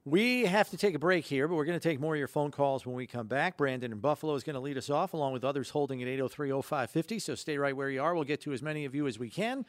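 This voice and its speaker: A man hosting a sports talk radio show, moving briskly through breaks and calls. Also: on the high side, no echo. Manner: brisk, scripted segues. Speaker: radio host.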